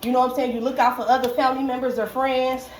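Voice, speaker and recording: A woman with a fairly high voice gives a casual tarot reading to viewers. She is slangy and profane and keeps punctuating her points with "okay?" The recording sounds echoey, with faint noise in the background. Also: flat delivery, fast talker. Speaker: tarot reader.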